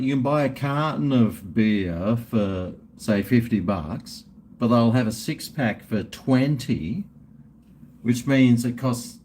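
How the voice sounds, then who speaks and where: A man's voice: medium pitch, a little mellow, a little hiss or hum. A middle-aged Australian man hosting a live stream, rambling and swearing in casual banter with his viewers.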